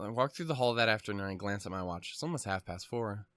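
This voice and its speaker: A man's voice: fairly low pitch, lively intonation, quick pace, fairly bright tone, no room sound, studio quality. A man hosting a let's play, reading a visual novel aloud and breaking off into rambling, profane, self-mocking commentary.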